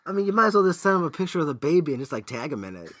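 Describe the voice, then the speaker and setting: A man with a stuffy nose co-hosts a casual podcast, teasing and sarcastic, cursing freely. His voice is bright and forceful, and the recording is dry and close. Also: a little high, big pitch swings, very fast, no room sound. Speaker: podcast co-host. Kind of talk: casual chat.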